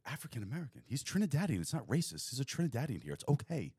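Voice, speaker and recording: A man's voice: medium pitch, big pitch swings, very fast, dark tone, husky. A man co-hosting a casual podcast, talking in a brash, provocative and joking way. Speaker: podcast co-host.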